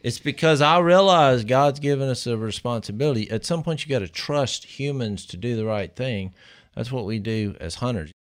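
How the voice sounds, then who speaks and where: A man co-hosting a podcast in casual chat, telling stories in an animated, emphatic way. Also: mid-range voice, moderate pace. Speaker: podcast co-host.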